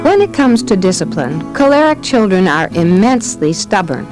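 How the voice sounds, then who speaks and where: A woman narrating a parenting audiobook, reading in an expressive storytelling manner. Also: medium pitch, normal speed, over music, rough recording. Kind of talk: scripted narration.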